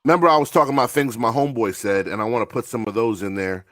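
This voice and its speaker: A man's voice: mid-range voice, very fast, a bit bright, no room sound, clean studio sound. A man chatting casually on a podcast, telling funny stories with frequent stammered restarts and acted-out quotes. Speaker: guest author.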